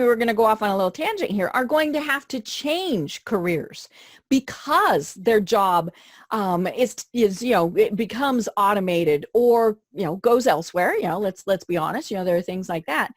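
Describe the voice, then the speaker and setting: Chatty woman host with a lively voice. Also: mid-range voice, normal speed, no echo, clean studio sound. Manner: chatty, full of "you know" fillers and restarts. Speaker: podcast host. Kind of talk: conversational podcast interview.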